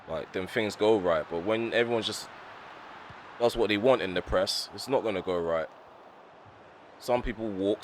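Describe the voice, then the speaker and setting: A low-voiced man calls his own football game as he plays. He swings from quiet analysis to loud, frustrated rants at the referee. A faint noise sits behind his voice. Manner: excitable, quick to rant at the referee. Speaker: gaming YouTuber. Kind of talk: live gameplay commentary.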